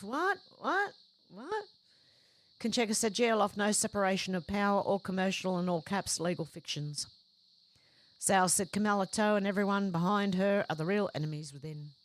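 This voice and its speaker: Going through audience chat comments one by one, a woman hosting a livestream responds to each with quick conversational remarks. She speaks a little fast at a medium pitch.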